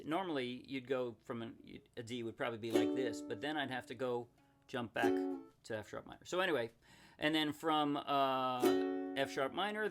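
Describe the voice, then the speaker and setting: A man explaining ukulele chords and strumming in a casual tutorial, chatty and often correcting himself with quick apologies. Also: medium pitch, fairly bright tone. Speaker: ukulele teacher. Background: ukulele playing.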